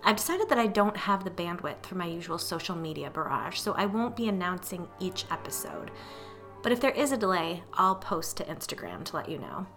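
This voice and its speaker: Bright-voiced woman narrating a story. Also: on the low side, brisk, faint music behind. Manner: reads dialogue with lively voiced characters. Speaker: podcast host and storyteller. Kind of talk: scripted fiction narration.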